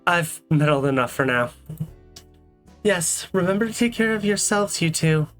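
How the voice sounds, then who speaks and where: A woman voicing a graceful, soft-spoken female ballerina animatronic with a gentle, refined manner. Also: on the low side, animated, normal speed, faint music behind, lightly acted. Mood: wistful.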